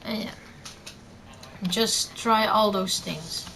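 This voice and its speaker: A woman's voice: medium pitch, takes it slowly, vocal fry, bright, forceful tone, a little hiss or hum, rough recording. A teenage girl rambling through casual gameplay commentary and tips, with lots of fillers and self-corrections. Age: teen, under eighteen. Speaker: gamer giving tips.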